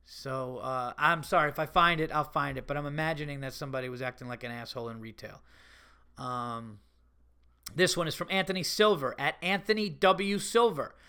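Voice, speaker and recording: A man hosting a podcast, telling stories in a casual, animated way, laughing often and swearing freely. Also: fairly high pitch, a little fast, clear, resonant tone. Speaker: podcast host. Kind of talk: casual storytelling monologue.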